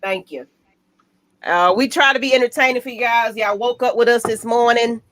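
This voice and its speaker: A woman's voice: on the high side, moderate pace, fairly bright tone. A woman with an Atlanta accent hosting a casual sports chat, upbeat and playful. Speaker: show host.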